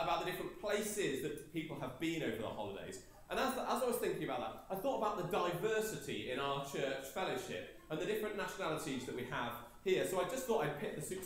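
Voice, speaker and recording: A man's voice: a little high, a bit bright. A man leading a morning church service, joking with the congregation in a playful, chatty way with many fillers. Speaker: preacher. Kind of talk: lively church service talk. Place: large church hall with congregation. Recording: echoey church hall with congregation.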